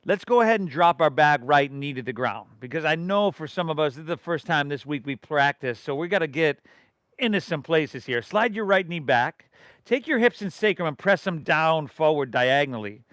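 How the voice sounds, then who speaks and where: A man's voice: on the high side, expressive, moderate pace, a bit bright, dry recording, clean studio sound. A middle-aged man from leading a live yoga class, giving rhythmic breath and pose cues with casual, encouraging asides. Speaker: yoga instructor.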